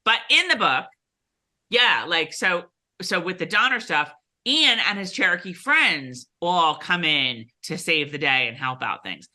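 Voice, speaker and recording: Chatty woman co-host, low voice. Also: expressive, measured pace, pushed and bright. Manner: chatty, many fillers and restarts. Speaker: podcast co-host. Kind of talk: casual recap chat.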